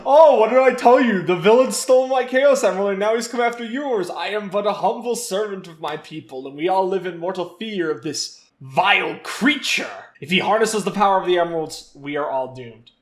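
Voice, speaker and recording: A man's voice: sits high, brisk, hardly any pauses, echoey room, voice pushed up, lightly acted. A man voicing an earnest male echidna guardian during a comic read-aloud, in a dramatic, pleading manner. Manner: breathless, pleading, theatrical.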